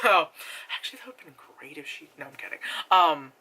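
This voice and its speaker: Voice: medium pitch, moderate pace, pushed and bright. A movie reviewer talking through a film in a casual, rambling way, full of fillers, swearing and sudden exaggerated voice impressions.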